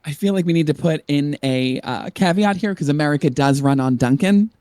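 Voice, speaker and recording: A man's voice: on the high side, fairly quick, a little mellow, clear, resonant tone, dry recording. A man from the northern US East Coast hosting a casual podcast with friends, playfully announcing odd holidays. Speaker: podcast host. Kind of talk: casual chat among friends.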